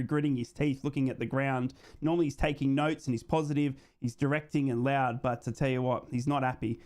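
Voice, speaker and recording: A man's voice: mid-range voice, a little mellow. A man hosting a live football watchalong, giving running play-by-play and reading out viewer comments. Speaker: host of a live match watchalong stream.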